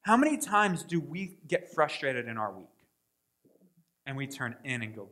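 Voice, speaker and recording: A man preaching a sermon in a church, talking to the congregation in a conversational way, getting loud in some spots and dropping soft in others. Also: a little high, big pitch swings, normal speed. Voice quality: tall speaker, says he is six five. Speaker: pastor. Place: church sanctuary.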